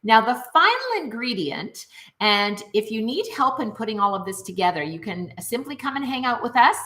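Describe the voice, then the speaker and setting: A middle-aged woman teaching music in an online video, her voice bright and ringing. She talks straight to the viewers, upbeat and animated, her pitch swooping up and down. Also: moderate pace. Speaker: music teacher and program founder.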